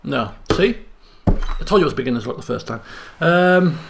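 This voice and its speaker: A young man giving excitable let's play commentary, chattering and repeating phrases in bursts. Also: mid-range voice, normal speed, vocal fry, noisy background. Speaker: gaming channel host.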